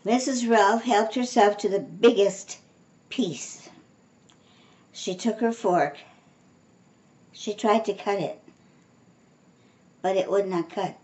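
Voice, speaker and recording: An older woman reading a children's storybook aloud in a slow, expressive way, giving voices to the dialogue. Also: medium pitch. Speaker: storybook reader.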